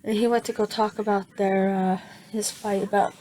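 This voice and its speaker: A woman telling a fan-made story in her own words, halting and restarting often with many fillers. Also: medium pitch, little pitch movement, mellow, a little hiss or hum, rough recording. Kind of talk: improvised fan fiction narration.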